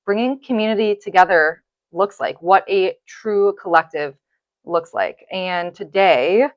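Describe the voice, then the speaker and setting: A woman's voice: medium pitch, steady tone, moderate pace, no echo. A woman hosting a podcast in an office, speaking in an effusive, gushing and emotional way. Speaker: podcast host. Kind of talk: heartfelt podcast conversation. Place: office space, indoors.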